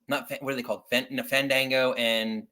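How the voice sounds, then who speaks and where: A man's voice: mid-range voice, little pitch movement, moderate pace, sharp tone. A man in his thirties hosting a podcast, chatting casually as he runs through his picks. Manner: conversational, runs through rankings. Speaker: podcast host. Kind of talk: casual chat.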